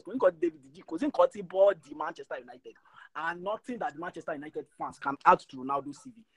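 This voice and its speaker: A man's voice: high voice, breathy edge, poor audio. A man, ranting passionately in a casual podcast chat and stumbling over repeated words when worked up. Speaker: podcast co-host.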